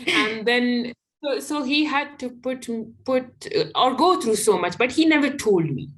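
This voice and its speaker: A woman's voice: fairly high pitch, moderate pace. A young adult woman from Afghanistan, an activist guest telling personal stories in an interview, emphatic and candid, often restarting her phrases.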